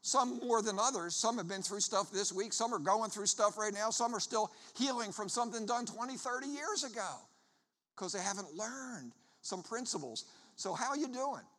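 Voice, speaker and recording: A man from the Philadelphia area preaching a sermon, a lively storyteller who jokes with his congregation. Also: high-pitched, moderate pace, big-room sound. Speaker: traveling preacher. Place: church before a congregation.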